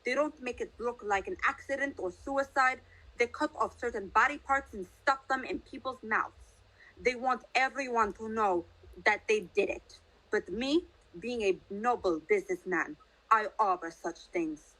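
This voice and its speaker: A woman's voice: a little high, unhurried, sharp tone, poor audio. A woman reading the part of a mocking male Russian crime boss with a Russian accent, mock-polite and scoffing.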